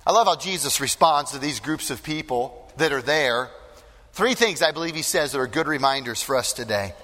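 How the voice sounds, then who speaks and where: A man's voice: medium pitch, animated, normal speed, sharp tone, big-room sound. A male pastor giving an earnest, emphatic sermon, often repeating phrases for weight.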